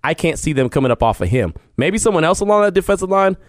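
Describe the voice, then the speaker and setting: A Texan man hosts a casual sports podcast from his home studio, delivering an earnest monologue full of restarts and easy laughter. His voice is a little high, very animated and fast, captured in a dry, studio-quality recording.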